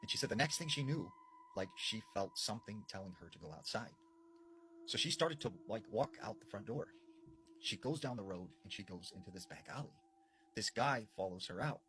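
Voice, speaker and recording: A man tells a spooky story in a loose, chatty way, full of little fillers. His voice sits low but swings up and down with real animation. A faint room ambience hums behind him. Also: normal speed, slight background noise, poor audio. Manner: animated, conversational with frequent fillers. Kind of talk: casual spoken scary storytelling.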